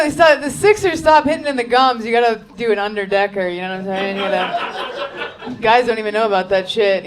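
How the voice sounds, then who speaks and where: A woman's voice: on the high side, noisy background. A woman doing a crass, confessional stand-up set on a comedy club stage. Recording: loud crowd laughter in a comedy club.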